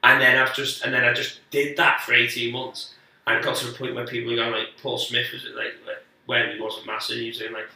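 A man's voice: mid-range voice, flat delivery, fairly quick, bright, forceful tone. Male comedian guest, rambling and sweary, recorded far off-mic in a very echoey room. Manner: rambling, sweary, frequent restarts. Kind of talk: casual storytelling chat.

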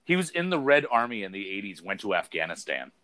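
A man in a casual chat, telling an animated story full of fillers and the word dude. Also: fairly low pitch, fast, dry recording.

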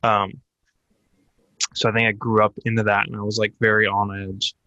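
A man's voice: fairly low pitch, flat delivery, normal speed, pushed and bright, no echo, muffled recording. Young man rambling candidly, dry sound. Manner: candid, rambling storyteller with many fillers. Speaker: podcast co-host. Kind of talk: casual chat.

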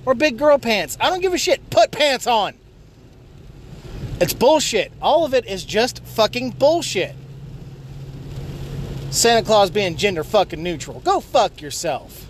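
A man with a high, very lively voice rants hard from behind the wheel, cursing freely and breaking off to shout at other drivers. His pitch leaps all over as he gets worked up. A faint road noise hums under the recording from inside the car. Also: a little slow, pauses often. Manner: swears constantly, yells at other drivers. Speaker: vlogger ranting while driving. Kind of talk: profane driving rant. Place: inside a car while driving.

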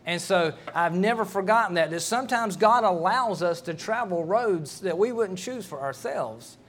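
A man's voice: high-pitched, animated, normal speed, fairly bright tone. A middle-aged man, preaching a sermon in a folksy, storytelling way and often restarting his words. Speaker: pastor.

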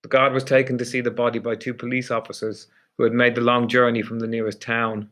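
A man reads a dark story aloud at a measured, deliberate pace. His voice sits at an ordinary, middle pitch, suited to a steady audiobook narration. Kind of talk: audiobook reading.

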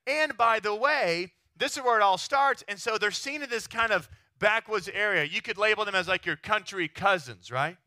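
A pastor from Texas preaching a sermon in a lively, chatty way, often checking in with his listeners. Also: sits high, moderate pace, hardly any pauses, no echo, studio quality. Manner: animated, chatty, keeps asking the crowd "right?".

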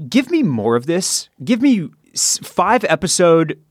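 A man's voice: high-pitched, big pitch swings, unhurried, dry recording. A man co-hosting a podcast in a recording studio, eagerly chiming in with asides and explanations. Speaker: podcast co-host. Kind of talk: casual chat.

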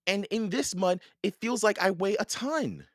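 A man's voice: high voice, animated, unhurried, no echo, clean studio sound, voice pushed up. A man voicing a feisty, spirited young girl in a storybook, bold and defiant.

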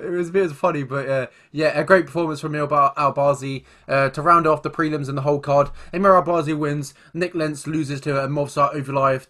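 A man co-hosting a casual fight recap podcast, rambling with lots of fillers and sudden excited bursts. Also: fairly high pitch. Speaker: podcast co-host.

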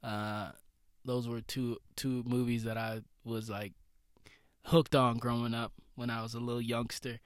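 A man's voice: medium pitch, level tone, measured pace, dry recording, clean studio sound. A man hosting a motivational solo podcast, talking in a casual, slangy way and calling his listeners "baby". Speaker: podcast host.

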